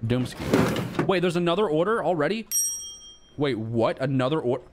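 A young man talks over his game in a lively, frantic stream of commentary, his voice leaping from low muttering to high yelps. He swears freely and sits a touch high for a man. There is clear noise underneath the recording. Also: moderate pace. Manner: frantic, swings from mock-calm to high panicked yelps, swears a lot. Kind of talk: live gameplay commentary.

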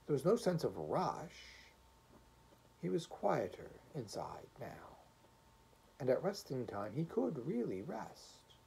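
Male narrator, storybook reading, expressive, measured, mellow tone, lively pitch. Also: gravelly, slight background noise. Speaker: audiobook reader.

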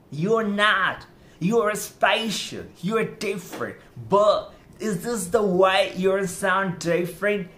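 His voice sits high and a bit bright as he hosts a podcast, delivering a motivational talk on proper English speech. He is emphatic and exhorting, repeating himself to make his points land.

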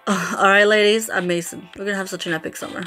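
A woman putting on a brash young man who models and plays music, loud and boastful, rushing his lines. The tone stays bright. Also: medium pitch, steady tone, close to an everyday voice.

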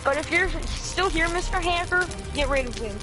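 A woman joking and reacting excitedly with a friend in casual gaming voice chat. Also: very high-pitched, moderate pace, over music, low-quality recording.

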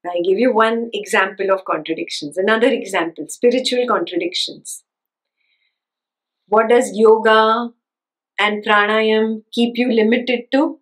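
A woman's voice: fairly high pitch, fairly even intonation, unhurried, rough recording. A woman giving a spiritual teaching talk, who stresses and repeats her key points and keeps checking that listeners follow with rhetorical questions.

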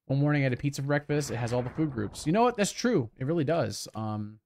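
A man's voice: medium pitch, animated, fast talker, a little mellow, slight background noise. A man chatting casually with viewers during a game livestream, reacting to gameplay and reading chat aloud. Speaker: game streamer.

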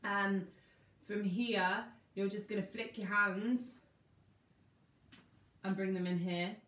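Brief: woman dance teacher, slow and unhurried, walks through each step aloud; echoey room. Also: mid-range voice, fairly even intonation, fairly bright tone. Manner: talks through each move, half-speaking the lyrics.

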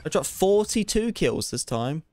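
Speaking a little slowly in a voice on the high side, a gaming streamer rambles casually through a shooter game. He's chatty and excitable, and he makes fun of his own play.

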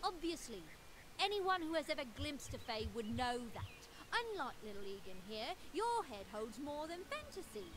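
A woman's voice: high voice, background noise. An actress voicing a scheming female fae trickster in a video game, mocking and theatrical. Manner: mocking, theatrical villain delivery. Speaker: game character.

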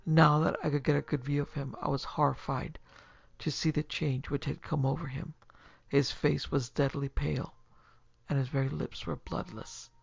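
A podcast host narrating a classic horror story in a measured, steady storytelling manner. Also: medium pitch, vocal fry, breathy edge, no echo. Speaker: narrator and producer. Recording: lo-fi recording with faint music.

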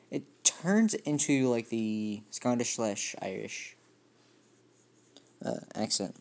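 A man's voice: medium pitch, vocal fry, darkish tone. Rambling, self-deprecating young-sounding vlogger guy. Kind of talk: casual video monologue.

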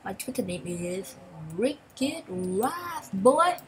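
A woman hosting a gaming channel, giving chatty, excitable gameplay commentary in broken English and repeating phrases. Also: medium pitch, measured pace, slight background noise, low-quality recording.

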